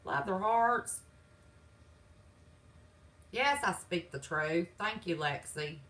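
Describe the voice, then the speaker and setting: Sassy Southern woman hosting a home livestream, folksy and defiant, pitch swings a lot. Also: expressive, slow pace, fairly bright tone, recorded from a distance, poor audio. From West Virginia. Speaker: channel host. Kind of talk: livestream chat reading comments. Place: home, indoors.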